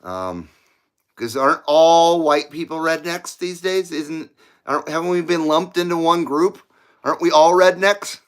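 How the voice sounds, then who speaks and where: A man's voice: on the high side, a little slow. Chatty rambling man hosting a radio stream. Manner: rambling, chatty, laughs at own jokes. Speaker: CB radio livestream host. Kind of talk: casual livestream chat.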